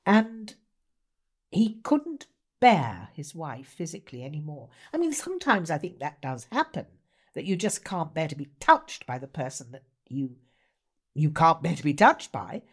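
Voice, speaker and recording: A woman guest, an actor and writer, telling stories in animated conversation with a theatrical, emphatic manner. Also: sits low, normal speed, slightly rough.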